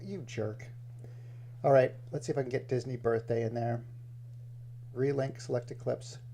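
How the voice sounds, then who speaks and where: A man with a gravelly voice runs a casual live stream from his computer. He chats with viewers and greets them by name, and he mutters to himself as he edits, with a mid-range pitch and some fry at the ends of his phrases. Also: fairly even intonation, moderate pace, dark tone, a little hiss or hum. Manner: chatty, talks to himself while working, greets viewers by name. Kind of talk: casual live-stream chat while editing.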